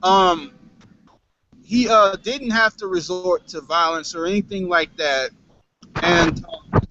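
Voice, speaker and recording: High-voiced man hosting a video call. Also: very animated, vocal fry, over music. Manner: casual, halting, repeats words. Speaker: host of an online discussion. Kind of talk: casual group video call. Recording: muffled video call audio.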